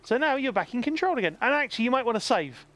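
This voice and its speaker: A man's voice: extremely high pitch, sing-song, fast talker, a bit bright. A man hosting a game stream, coaching a blind player and chatting with viewers in an encouraging, laughing way. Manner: encouraging, chatty, reads out chat, laughs often. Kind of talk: casual game stream chat. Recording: faint background noise.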